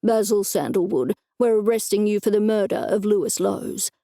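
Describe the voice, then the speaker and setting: A woman's voice: mid-range voice, normal speed, warm tone, dry recording, clean studio sound, lightly acted. A woman voicing a stern police detective in an audiobook, speaking formally and bluntly.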